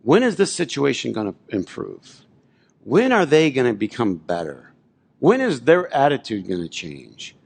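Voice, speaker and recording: A man preaching a sermon as pastor, telling a personal story in a conversational way and often asking the congregation whether they're with him. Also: mid-range voice. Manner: conversational, repeatedly checks in with the congregation. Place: church sanctuary.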